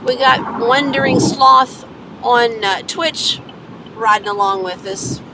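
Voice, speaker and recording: A woman's voice: on the high side, takes it slowly. A woman hosting a live stream from her car, chatting casually with viewers and greeting them by name between remarks about traffic. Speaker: livestream host. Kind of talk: casual live-stream chat while driving. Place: inside a car on the road. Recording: road noise from a moving car.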